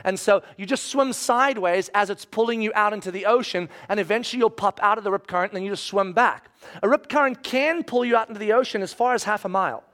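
High-voiced man telling a story. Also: fast. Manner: animated, acts out voices, swings from loud excitement to hushed. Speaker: speaker telling a personal story. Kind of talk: storytelling talk to an audience.

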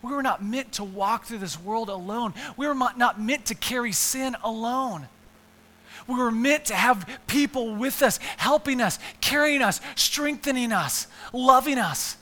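A man's voice: very high voice, unhurried, sharp tone, in a large hall. A man preaching a sermon in a church, earnest and emphatic, often repeating words and building up lists. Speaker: pastor.

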